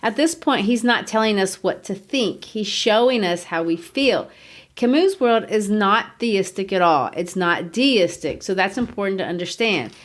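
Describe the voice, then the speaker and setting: A woman's voice: medium pitch, expressive, moderate pace. Earnest woman co-hosting a book podcast. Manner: earnest, laughs easily, explains with rhetorical questions. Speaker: podcast co-host. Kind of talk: conversational literature discussion.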